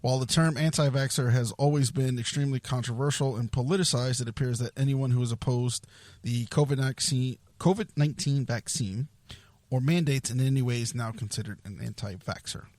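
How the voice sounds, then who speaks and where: A man's voice: mid-range voice, fairly quick, darkish tone, no echo. A man hosting a casual podcast, reading an article aloud and stumbling over long words. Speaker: podcast host.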